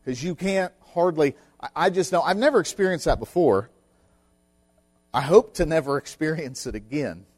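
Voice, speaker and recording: Preacher: middle-aged man, unhurried delivery, earnest and emphatic, leans on repetition. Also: fairly high pitch, a little mellow. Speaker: pastor. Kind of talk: sermon.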